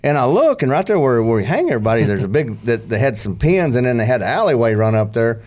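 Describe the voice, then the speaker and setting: A man's voice: medium pitch, big pitch swings, quick pace, darkish tone. A man telling a long, rambling, self-mocking story in casual podcast chat.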